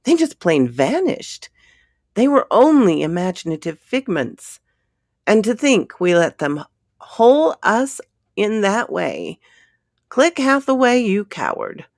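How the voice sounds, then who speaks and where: A woman's voice: medium pitch, sing-song, darkish tone, no room sound, studio quality, pitched above the performer's own voice. A woman voicing an anxious, earnest male photographer on a space mission, in a storybook reading. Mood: excited. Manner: anxious, earnest, quick to argue. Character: nervous smaller male photographer, grown man.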